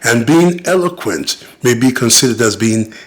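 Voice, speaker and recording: A man's voice: mid-range voice, animated, normal speed. A middle-aged British-born man and father, making an indignant, emphatic personal appeal to camera and acting out the voices he quotes. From Britain. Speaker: father and vlogger.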